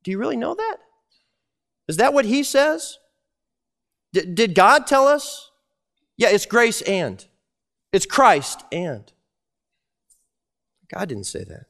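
A man preaching with a high, lively voice that leaps up and down as he talks. He keeps it conversational and animated, tossing in quick voiced asides as he goes. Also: vocal fry. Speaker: pastor. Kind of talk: sermon.

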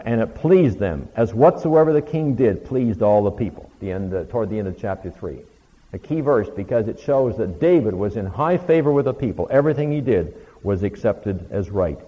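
A man's voice: lowish voice, warm tone. A man giving a conversational Bible lecture, retelling the stories with quoted lines of dialogue. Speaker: Bible teacher. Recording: lo-fi recording with long hall reverb.

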